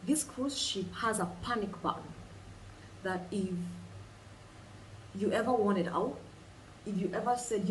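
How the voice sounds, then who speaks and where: A woman leading a guided imagination exercise, telling it in an animated way and repeating phrases for emphasis. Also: medium pitch, measured pace, long pauses, slight background noise. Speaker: vlogger. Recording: roomy sound, distant mic, faint ambience.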